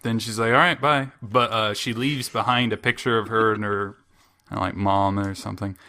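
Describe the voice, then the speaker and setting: A man's voice: on the low side, steady tone, normal speed, bright, forceful tone. A young man on a casual podcast, recapping an anime episode with wry, sarcastic humor and frequent chuckles.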